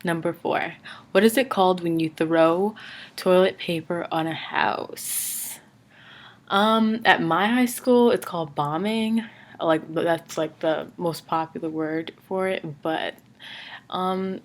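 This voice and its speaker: A woman's voice: lowish voice, slow pace. A young woman from Brooklyn, a college student chatting casually in her dorm room for a vlog, hesitant with many fillers. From Brooklyn, New York. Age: young adult. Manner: relaxed, hesitant with many ums and likes. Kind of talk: casual accent challenge vlog.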